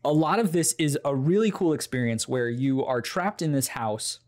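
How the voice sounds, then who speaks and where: A young man co-hosting a casual podcast, talking loosely, swearing and acting out scenes in quick voices. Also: medium pitch. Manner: animated, swearing, acts out game characters in quick put-on voices. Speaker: podcast co-host.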